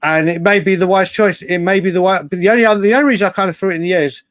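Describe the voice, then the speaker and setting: Racing along in a high-pitched voice, recorded dry, a man runs a live fan show and reacts to viewers' comments. He stays animated, repeats himself often, and drops the odd curse.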